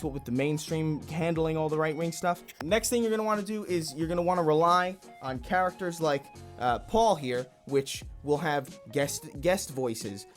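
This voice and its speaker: Deadpan man in a mock tutorial. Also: a little high. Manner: deadpan, rambling with restarts. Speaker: comedy YouTuber parody host. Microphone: desk mic in home setup.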